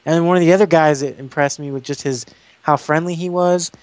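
A man and YouTuber, chatting in an interview and telling long, animated stories full of restarts. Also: a little high, fairly quick, dry recording. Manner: rambling, animated storytelling with restarts. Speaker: guest YouTuber. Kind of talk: casual interview chat.

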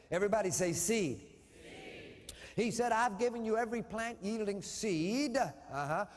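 Male preacher, fiery call-and-response sermon, high pitch, hall reverb. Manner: call-and-response preaching, swings from shouting to hushed. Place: church hall with a congregation.

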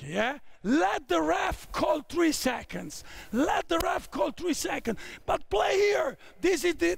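A man in his fifties with an Italian accent runs a basketball clinic, calling out short, barked commands to his players. His voice sits very high with a lively, swooping pitch and a gravelly edge. He talks slowly between the shouts. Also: no echo. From Italy. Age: 50s. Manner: barking short drill commands. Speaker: basketball coach. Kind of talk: on-court coaching clinic. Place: indoor basketball court.

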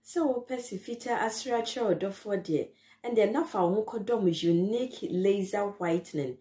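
A woman's voice: mid-range voice, normal speed, dark tone. A woman with a Ghanaian accent reading a product advert in an upbeat selling tone. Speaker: ad announcer. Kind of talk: radio advert read.

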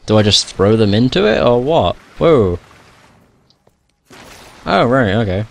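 A man's voice: mid-range voice, very animated, unhurried, gravelly. A young man giving casual gameplay commentary, swearing a lot, grumbling at the game and laughing at himself. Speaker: gamer playing through a video game.

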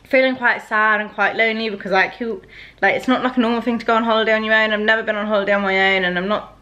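A woman's voice: medium pitch, fairly bright tone. A young woman vlogging to camera at home, talking in a chatty, rambling way full of "like" fillers. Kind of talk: casual to-camera vlog. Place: at home indoors.

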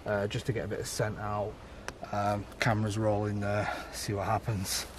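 A young man chatting excitedly while camping in the woods at night. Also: lowish voice, moderate pace, background noise. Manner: excitable, talks over others. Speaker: paranormal vlogger. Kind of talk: casual chat.

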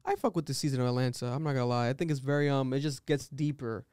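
A man's voice: mid-range voice, fast, darkish tone, smooth, no echo, clean studio sound. A young man hosting a podcast in casual chat, telling stories animatedly with slang and swearing. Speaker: podcast host.

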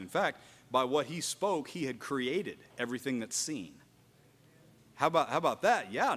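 A man's voice: mid-range voice, big pitch swings, normal speed, a bit bright, in a large hall. A man preaching a sermon at a house church, earnest, often repeating and restarting his phrases and rising for emphasis. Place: house church meeting room.

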